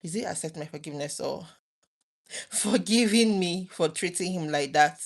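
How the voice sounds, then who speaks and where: A woman's voice: on the low side, normal speed. A woman in her thirties, talking earnestly and emotionally to her viewers late at night, often restarting her sentences. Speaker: vlogger.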